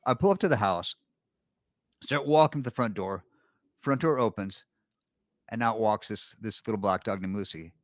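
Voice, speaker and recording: A man's voice: fairly low pitch, normal speed, pauses often, no room sound, studio quality. A middle-aged man, a podcast guest, telling a long personal story in casual chat, rambling with restarts and fillers.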